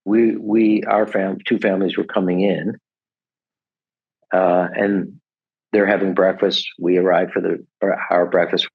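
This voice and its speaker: A man's voice: deep voice, flat delivery, measured pace, husky, phone-quality sound. A man in his sixties, a podcast guest, telling stories in a casual, rambling way, full of restarts and "et cetera". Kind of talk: casual storytelling.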